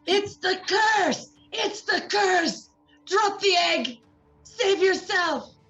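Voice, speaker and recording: Woman doing a bossy shouty heroine, loud and pitched up, dull sound. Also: expressive, drawn-out words, soft background music, full character voice. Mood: threatening. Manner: shouting, commanding. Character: fierce young woman threatening strangers.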